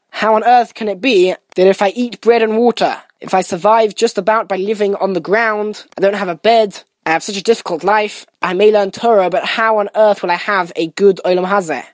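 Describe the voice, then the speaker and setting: A woman gives a Torah lesson, working through a Mishnah and telling a parable. She explains earnestly at a middle pitch, mixing in Hebrew and Yiddish terms. The recording is dry and close, with no room sound. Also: no room sound. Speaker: Torah teacher.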